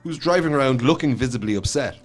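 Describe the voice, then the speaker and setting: A man's voice: mid-range voice, animated, fast talker. Opinionated man with faint music. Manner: opinionated storyteller. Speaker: radio show co-host. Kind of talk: casual chat. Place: studio.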